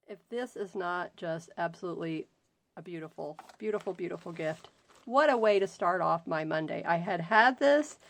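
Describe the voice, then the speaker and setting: Slow-talking gushing woman crafter. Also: medium pitch. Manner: gushing, exclaims often, slow drawn-out delight. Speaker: crafting channel host. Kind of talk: unboxing happy mail, casual chat.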